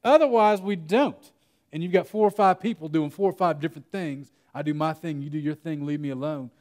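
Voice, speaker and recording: A man presenting at a conference workshop in a slightly higher voice than most men. He talks casually and tells stories, often restarting his sentences. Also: a little fast, a little mellow. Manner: conversational, storytelling with self-interruptions and laughs. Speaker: workshop speaker. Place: conference room.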